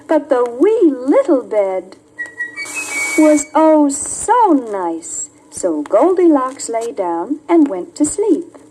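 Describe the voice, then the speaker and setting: Slow, sing-song woman storyteller. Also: high-pitched, slight background noise, poor audio. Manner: slow, expressive read-aloud with sing-song emphasis. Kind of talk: storybook reading. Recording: music playing behind the voice.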